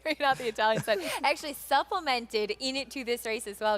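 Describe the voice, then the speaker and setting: Upbeat woman racing host, music behind. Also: a little high. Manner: upbeat, brisk, chatty with co-hosts. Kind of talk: live horse racing studio commentary.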